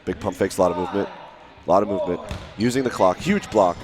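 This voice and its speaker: A man giving live play-by-play commentary, rising to shouts at big plays. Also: low voice, quick pace. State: out of breath.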